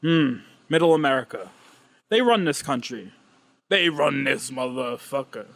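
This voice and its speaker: A man's voice: medium pitch, expressive, a little slow, vocal fry, fairly bright tone, dry recording. A man co-hosting a casual podcast chat who rambles and argues playfully with his friends. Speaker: podcast co-host.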